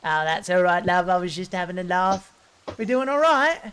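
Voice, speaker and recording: A woman's voice: on the low side, lively intonation, normal speed, a bit bright, slight background noise. A woman voicing a chatty, flirtatious woman ghost, who calls people love and darling. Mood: breezy.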